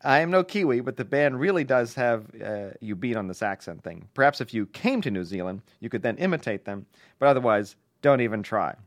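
A man at a middle pitch reads listener letters aloud on a podcast, playful and a little mock-formal. The sound is close and dry, with no room around the voice. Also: sing-song, brisk, no room sound. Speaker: podcast co-host reading listener mail. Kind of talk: casual podcast chat, reading letters aloud.

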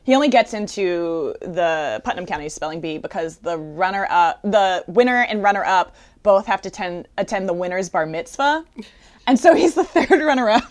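A woman in casual conversation, chatty and animated, filling her talk with "like" and quoting characters. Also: mid-range voice, normal speed. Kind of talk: casual chat about a musical.

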